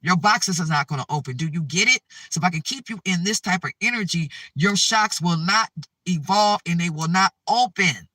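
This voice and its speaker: A man with a high, bright voice delivers an urgent spiritual talk straight to his viewers, circling back to the same warnings and tagging lines with "okay?". The sound is dry and he sits a little back from the mic. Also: animated, moderate pace, no echo, distant mic. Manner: repetitive, urgent, keeps checking in with "okay?". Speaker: spiritual advice channel host. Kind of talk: preachy spiritual monologue to viewers.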